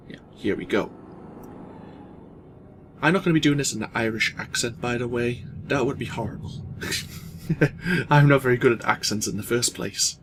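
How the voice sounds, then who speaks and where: A man hosts a let's play in a casual, rambling way, full of asides and small fillers. His voice sits at an ordinary middle pitch. A faint hiss runs under the commentary.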